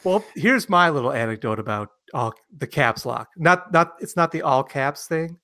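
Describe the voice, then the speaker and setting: A man co-hosting a podcast in casual banter, animated and quick to laugh, often slipping into mocking quoted voices. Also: fairly high pitch. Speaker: podcast co-host.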